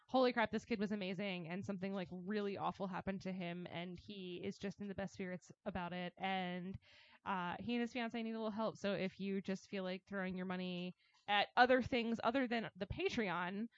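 A young woman hosts a casual podcast in a small studio, bubbly and given to quick laughs. Her voice sits in a middle range, recorded close and dry with a slightly dull, muffled tone. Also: medium pitch, fairly even intonation, no echo. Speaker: podcast host.

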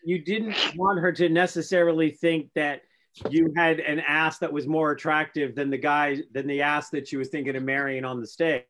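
A man with a slightly raised voice co-hosts a relaxed interview. He cracks jokes and asks questions, often stopping and restarting his sentences. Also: on the high side, normal speed. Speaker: podcast co-host. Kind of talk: casual interview chat.

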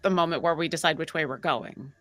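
A woman's voice: sits low, fairly quick, no echo, soft background music. A woman playing a tabletop game, chatty and thinking aloud. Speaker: player. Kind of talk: casual tabletop play.

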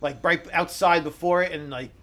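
High-voiced man chatting excitedly. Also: moderate pace. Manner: excited, laughing storyteller. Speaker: podcast co-host. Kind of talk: casual chat.

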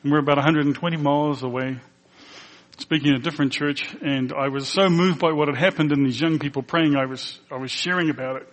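A man's voice: fairly high pitch, steady tone, quick pace. Earnest male pastor in a reverberant hall. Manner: earnest storytelling, acting out quoted dialogue. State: emotional. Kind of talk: personal testimony in a sermon.

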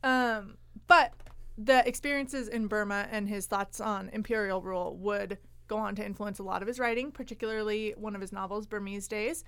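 A woman's voice: mid-range voice, steady tone, normal speed, a bit bright, clear, resonant tone, dry recording. A woman co-hosting a podcast, telling history in casual chat with frequent laughter. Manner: chatty, laughing often. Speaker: podcast co-host.

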